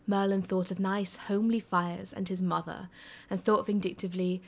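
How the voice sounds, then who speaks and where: A woman reading a story aloud in a steady, expressive way. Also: mid-range voice, normal speed. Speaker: story reader. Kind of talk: reading fan fiction aloud.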